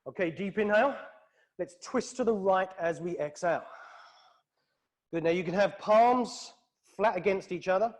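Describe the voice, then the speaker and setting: A British man with a high voice leads a flowing yoga class. He calls out poses in time with the breath, calm and steady, in a studio. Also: moderate pace, long pauses. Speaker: yoga instructor. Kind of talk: guided yoga class cues.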